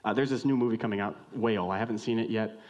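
A man preaching a sermon in a conversational, joking way, swinging from loud outbursts to hushed lines and questioning the congregation directly. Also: lowish voice, quick pace. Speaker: pastor.

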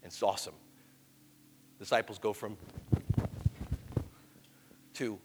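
A man preaching a sermon, telling the story animatedly and moving between hushed asides and emphatic stretches. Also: on the low side, steady tone, takes it slowly, long reverb tail, heavy background noise.

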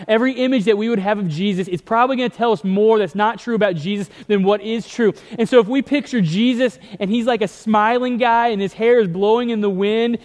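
A man preaching a sermon in a high voice. He talks earnestly and drops to a hushed tone for stories. The sound carries the long reverb of a large hall. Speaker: pastor.

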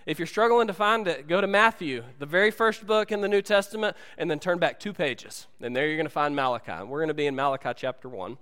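A man preaching a sermon, telling stories in an animated way and acting out movie lines for his congregation. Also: fairly high pitch, fast, few pauses, clear, resonant tone, big-room sound. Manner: animated storytelling, acts out movie dialogue. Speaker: pastor. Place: church sanctuary.

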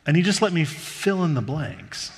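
A man preaching a sermon as pastor, telling stories in a relaxed, conversational way. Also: on the high side, normal speed, vocal fry, husky, big-room sound. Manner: conversational storytelling.

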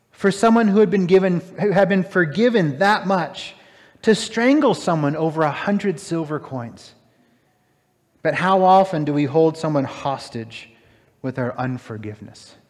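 A man preaching a sermon, retelling a parable with animated, emphatic, incredulous asides. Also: high-pitched. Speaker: pastor. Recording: long hall reverb.

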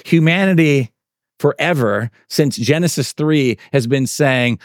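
A man preaching a sermon to a congregation in a relaxed, conversational way, often filling with "like" and "right". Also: medium pitch, unhurried, dry recording, studio quality. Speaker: pastor.

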